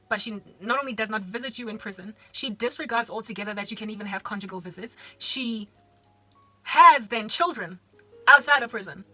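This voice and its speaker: Christian vlogger from South Africa, a woman with a high, bright voice; animated casual preaching over soft music. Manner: animated, addresses the listener directly with rhetorical questions.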